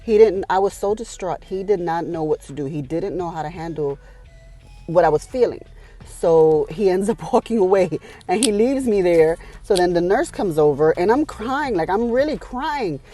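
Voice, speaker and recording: A woman vlogger candidly retelling an upsetting experience in a casual storytelling vlog. She talks emotionally, swears, and pauses now and then to collect herself. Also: fairly low pitch, lively intonation, warm tone, soft background music, rough recording.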